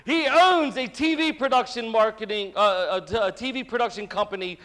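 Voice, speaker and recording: A man's voice: sits high, brisk. A man acting as the event emcee, reading a speaker's introduction to a live audience. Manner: reads the bio, then shouts out the local group. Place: arts center stage before a live audience.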